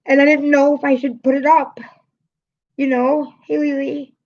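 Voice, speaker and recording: A woman's voice: sits high, flat delivery, normal speed, a little mellow, highs cut off. A woman live streamer, upset and swearing as she vents to her chat and greets viewers by name.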